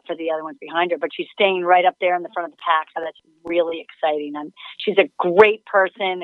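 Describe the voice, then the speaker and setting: A woman's voice: lowish voice, dry recording. Woman, chatty storyteller, laughs a lot, dry close sound, slightly dull radio tone. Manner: chatty, laughs often, tells animated stories. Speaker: sailing race commentator. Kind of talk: casual radio chat.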